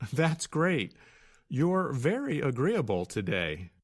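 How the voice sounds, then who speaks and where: A man co-hosting an English lesson, explaining grammar clearly and deliberately and spelling words out. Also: medium pitch, wildly swooping pitch. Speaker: co-host and English teacher. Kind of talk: scripted teaching dialogue.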